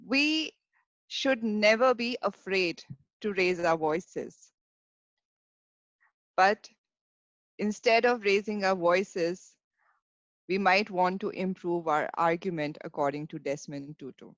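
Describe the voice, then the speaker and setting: A woman's voice: medium pitch, slow, long pauses, a bit bright, no echo. A woman hosting a club meeting, formal and gracious, thanking the speaker and leading the next segment. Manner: formal, gracious, quoting sayings. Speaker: meeting host. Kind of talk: meeting facilitation. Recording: dry, dull lo-fi mic.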